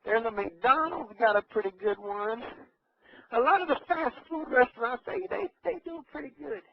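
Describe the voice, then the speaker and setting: On dull-sounding radio audio with a faint hiss or hum, a regular caller from Los Angeles tells a rambling comic story at normal speed. His high, creaky voice wanders as he keeps losing his train of thought.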